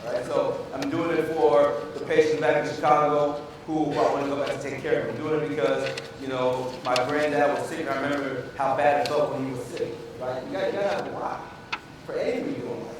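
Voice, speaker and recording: A man's voice: mid-range voice, steady tone, fast talker. A man, a physician, giving a motivational speech to students, with repeated emphatic phrases and questions thrown out to the audience. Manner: call-and-response with the audience, repetitive and emphatic. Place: large hall with a PA system. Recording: echoey hall, distant from the mic, noisy.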